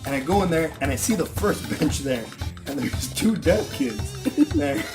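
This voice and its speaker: A young man casually telling stories to friends, often laughing and acting out loud exclamations. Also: a little high, big pitch swings, moderate pace, music in the background. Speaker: channel host telling stories. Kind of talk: casual storytelling among friends.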